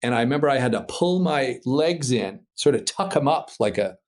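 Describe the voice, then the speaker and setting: A man from Minnesota tells his story as a podcast guest, with a mid-pitched voice. His delivery is lively and casual, full of swearing, with laughs breaking into the scary parts. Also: normal speed. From Minnesota, USA. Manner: animated, swears freely, laughs through tense moments. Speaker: podcast guest, paraglider pilot.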